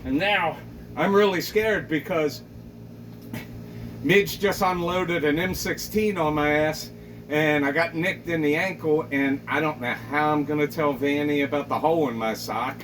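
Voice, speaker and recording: A man narrating a comic story with mock-dramatic flair, rambling and animated. His voice sits a little high. He is picked up from a distance over loud background ambience. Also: a little slow, noisy background. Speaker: comedian.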